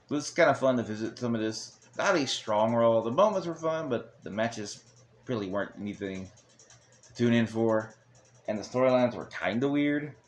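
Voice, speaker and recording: A man recapping an old wrestling episode in a rambling, casual way with chuckling asides. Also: medium pitch. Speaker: wrestling show reviewer.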